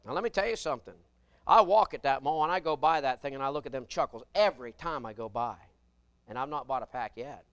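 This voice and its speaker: A man preaching a sermon, folksy and humorous, swinging between loud emphatic bursts and quiet asides. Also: medium pitch, quick pace, clean tone, no echo.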